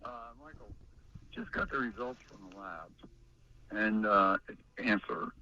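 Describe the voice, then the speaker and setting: An older man speaks bluntly and plainly on a dull, muffled voicemail recording. His voice is low and sharply bright, with a dry sound. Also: lively intonation, a little slow. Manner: blunt, matter-of-fact. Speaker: father leaving a voicemail.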